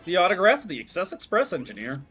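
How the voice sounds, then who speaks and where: A man's voice: sits high, wildly swooping pitch, quick pace, a bit bright, breathy edge, faint music behind, exaggerated voice. A man voicing a shy, eager adult train engineer in a video game. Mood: bashful.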